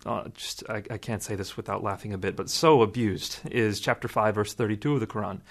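A man, a guest in an interview, explaining in a measured way and quoting sources at length. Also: on the low side, steady tone. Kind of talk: interview answer.

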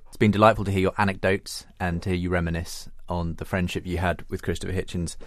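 A male radio host with a very low voice. He signs off in a polished way after giving brief affirmations. His studio sound is close and dry. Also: level tone, fast talker, no room sound. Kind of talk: interview hosting.

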